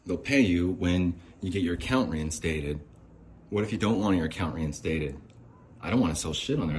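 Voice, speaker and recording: Deep-voiced man ranting, swearing. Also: darkish tone, slight background noise. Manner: profane, exasperated, swings between muttering and outbursts. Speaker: podcast host. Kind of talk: angry ranting monologue. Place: home near a window.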